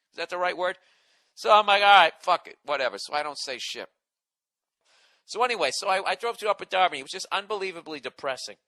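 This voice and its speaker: A man tells a comic story in a profane, exasperated rant full of sarcasm. His voice is bright and forceful and sits a bit high, recorded dry and close. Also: no room sound. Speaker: comedian podcast host.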